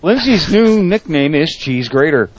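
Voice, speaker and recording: A man's voice: a little high, very animated, a little slow, highs cut off, a little hiss or hum. Blunt, foul-mouthed male show host. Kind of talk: casual profane banter.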